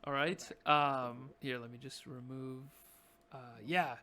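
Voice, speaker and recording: A man's voice: medium pitch, fairly even intonation, slow pace, pushed and bright. A man running a tabletop game as dungeon master, narrating in a laid-back way and laughing often.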